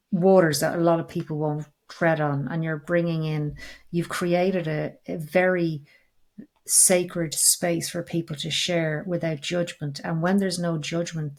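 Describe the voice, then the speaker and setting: Low gravelly woman, earnest storyteller. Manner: earnest, animated storytelling, acts out dialogue. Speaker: podcast host, regression practitioner. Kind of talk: conversational interview.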